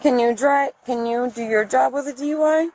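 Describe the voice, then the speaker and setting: A woman's voice: high-pitched, normal speed, darkish tone. A woman being tested by police at a roadside stop, anxious and emotional, pleading as she speaks. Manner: tense, pleading. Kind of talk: roadside conversation. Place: outdoors at a roadside traffic stop. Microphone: police body camera, off-mic. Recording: distant voice with faint noise on body camera.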